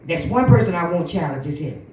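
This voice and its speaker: A woman minister giving an animated church testimony, acting out the voices of the people in her story. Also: fairly low pitch, a little fast, slight background noise. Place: church hall. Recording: echoey room from far off.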